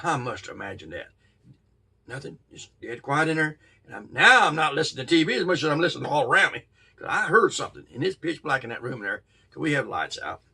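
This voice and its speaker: A middle-aged man, telling a childhood ghost story in a folksy, drawn-out way with sudden bursts. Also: medium pitch, pushed and bright, far from the mic. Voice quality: gravelly, husky. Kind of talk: casual spoken ghost story.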